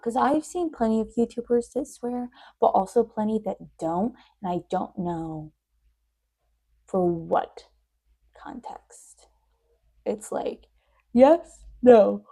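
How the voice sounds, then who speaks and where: Sleepy young woman, gravelly and mellow. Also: mid-range voice, very animated, unhurried, pauses often. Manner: rambling, chatty, drifts in and out of soft whispers. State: sleepy, yawning. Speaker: video diarist. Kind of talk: casual diary chat.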